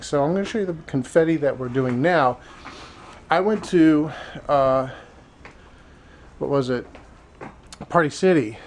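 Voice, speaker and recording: A man chatting casually in a vlog, retelling his errands in an animated way. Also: medium pitch, a little hiss or hum, rough recording. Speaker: vlogger.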